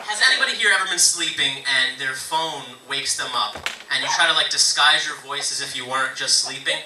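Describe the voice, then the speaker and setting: A man's voice: medium pitch, a little fast. A young man performing a stand-up comedy set, telling loose stories and acting out other people's voices for punchlines, in front of a live audience. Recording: echoey room, distant mic, noisy.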